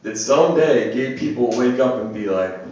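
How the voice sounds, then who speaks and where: Young man, deadpan stand-up comic, heard from across the room, very echoey phone video. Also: medium pitch, fairly quick, highs cut off, heavy background noise. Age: young adult. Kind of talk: stand-up set. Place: small comedy venue. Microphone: phone camera across the room. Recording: distant echoey phone video of a club set. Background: audience laughter.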